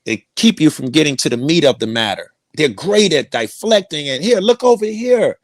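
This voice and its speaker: A man's voice: on the high side, very animated, moderate pace, no echo. A middle-aged man telling a rambling personal story, profane and repeating himself. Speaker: guest storyteller.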